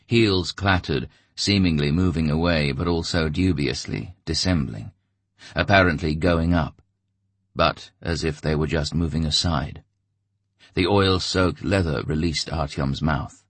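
A man narrating an audiobook in a measured, steady way. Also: extremely low pitch, dry recording.

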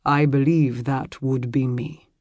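A towering, mysterious stranger speaks softly and slowly in a deep voice. An audiobook narrator puts him on. Dry, close sound. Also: fairly even intonation, dry recording. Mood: calm. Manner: deep, soft and slow.

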